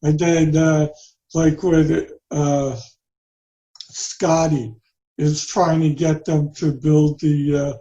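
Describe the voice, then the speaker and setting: A middle-aged man co-hosting a casual chat about films, relaxed and halting, often chiming in with short replies. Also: a little high, lo-fi sound. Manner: relaxed, halting, chimes in briefly. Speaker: podcast co-host.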